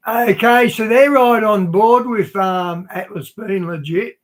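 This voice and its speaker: A man with a notably high voice who throws in chatty asides while streaming and reacting to a show. His tone stays loose and conversational. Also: takes it slowly.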